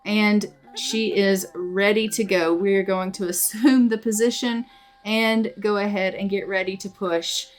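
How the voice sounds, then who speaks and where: A woman's voice: mid-range voice, fairly even intonation, a little slow. A woman hosting a let's play, narrating a life-sim game in a chatty, upbeat way. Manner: chatty, upbeat, repeats filler phrases. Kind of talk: casual gameplay narration.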